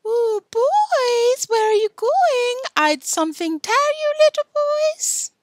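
A woman voicing a wild boy who acts like a crazed bird, in shrill, screeching squeals. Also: sing-song, slow, dry recording, studio quality, heavily acted. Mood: mocking shrill.

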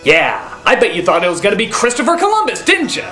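A woman hosting a comedic film review, sarcastic and ranting with shouting bursts. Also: mid-range voice, wildly swooping pitch, quick pace, echoey room, faint music behind. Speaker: film review show host.

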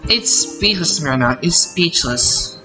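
A man's voice: a little high, animated, a little slow, over music. A young man hosting a reaction channel, ranting bluntly and repeating himself in exasperation. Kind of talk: casual reaction rant. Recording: echoey room with faint ambience.

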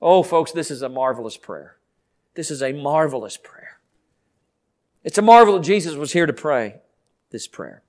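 A Southern American pastor preaching a fervent sermon in a church, swinging from quiet pleading to shouting. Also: male voice, on the high side, animated, normal speed, pauses often. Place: church sanctuary.

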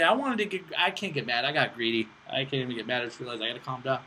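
Excitable man talking over a game. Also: fairly high pitch, quick pace, husky, rough recording. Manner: excitable, talks to himself and teammates, bursts of frustration. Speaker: gaming channel host. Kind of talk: casual gameplay commentary.

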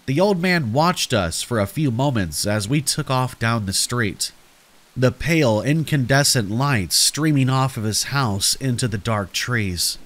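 A man narrating a scripted horror story in a slow, dramatic storytelling manner. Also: mid-range voice, expressive, fairly bright tone.

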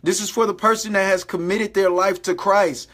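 A man's voice: high voice, fairly even intonation, normal speed, a bit bright. A man giving an informal sermon to online viewers, exhorting them, repeating phrases and calling them "guys". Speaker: preacher.

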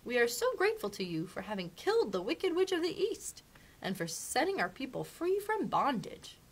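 A sweet little old woman who is a good witch, calm and measured in a storybook reading, as a woman puts her on. Her lines rise and fall with a gentle lilt. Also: sits high, slightly rough, voice pushed up, exaggerated voice. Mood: kindly.

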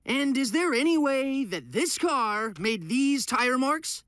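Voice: high voice, lively intonation, a bit bright, no room sound, heavily acted. Robin, a scheming teen boy hero. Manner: fast, eager, showy. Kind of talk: TV cartoon voice acting.

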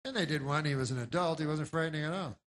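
A man performing a rambling stand-up set, halting and deadpan, with lots of restarts, in a live bootleg recording. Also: on the high side, a little hiss or hum. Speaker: stand-up comedian.

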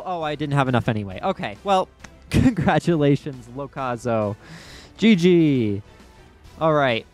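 A man giving excitable gameplay commentary as a YouTuber, yelping and laughing often as things happen. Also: mid-range voice, soft background music. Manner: excitable, quick to yelp and laugh. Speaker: gaming YouTuber.

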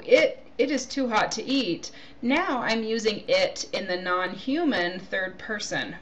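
A woman's voice: medium pitch, slight background noise. A woman giving a recorded grammar lecture, explaining points through spoken example sentences and checking in with "okay?". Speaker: grammar teacher.

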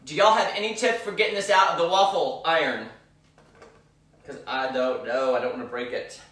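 A man's voice: fairly high pitch, normal speed, fairly bright tone, echoey room, distant mic. A man chatting bubbly and gushing while he cooks on a live stream from his home kitchen. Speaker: home cooking vlogger. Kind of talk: live cooking stream chat.

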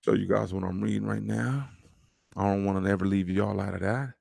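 A man's voice: lowish voice, fairly even intonation, brisk, creaky, a little mellow, dry recording, clean studio sound. A man hosting a podcast, talking in a casual, slangy, preachy way to his listeners. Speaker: podcast host. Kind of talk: motivational podcast monologue.

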